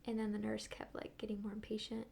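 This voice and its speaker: A woman guest recounts events in a loose, chatty way, her voice often sliding into a gravelly fry. She gets animated and now and then drops to a hushed whisper. Her pitch sits in an ordinary middle range, with a faint hum of noise behind her. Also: fast. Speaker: podcast guest, midwifery student. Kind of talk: casual storytelling.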